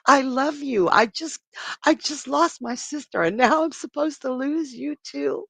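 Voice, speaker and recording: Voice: medium pitch, sing-song, measured pace, creaky, husky, dry recording, voice pushed up, exaggerated voice. The narrator of a live myth reading, voicing a grief-stricken young man who pleads and sobs. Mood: anguished.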